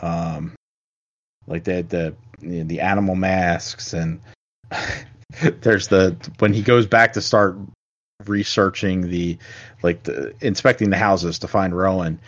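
A man chatting casually about a film, halting and meandering, with casual swearing. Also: low-pitched, fairly even intonation. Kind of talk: casual movie discussion. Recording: dull lo-fi sound.

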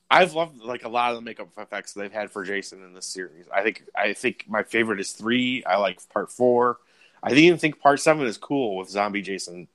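A man co-hosting a movie podcast, talking casually with wry, profane humor. His voice sits at an ordinary pitch. The recording is dry and close, with no room sound. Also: a bit bright, no echo. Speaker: podcast co-host. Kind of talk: casual movie review chat.

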